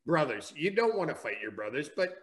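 A man's voice: fairly high pitch, big pitch swings, fairly quick. A man casually telling a family story on a podcast, swearing and laughing as he goes.

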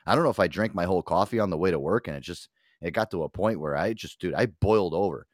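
A middle-aged man with a low voice that swings widely as he tells a story, cursing constantly and acting out what everyone said. The recording is close and dry, with no room sound. He talks the way a podcast co-host does among friends. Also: fast talker, no room sound. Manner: profane, animated storytelling with acted-out quotes. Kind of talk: casual podcast chat.

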